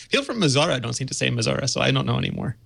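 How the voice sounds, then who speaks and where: A man from Canada on a tech podcast, explaining things quickly and clearly. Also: mid-range voice, expressive, a bit bright, dry recording, clean studio sound. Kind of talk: casual tech chat.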